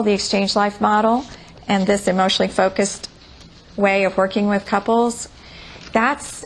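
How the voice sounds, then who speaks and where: A woman counselor explaining her approach to couples therapy, speaking gently and thoughtfully, acting out what she says in sessions. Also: mid-range voice, vocal fry, slight background noise. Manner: gentle, thoughtful, with frequent restarts.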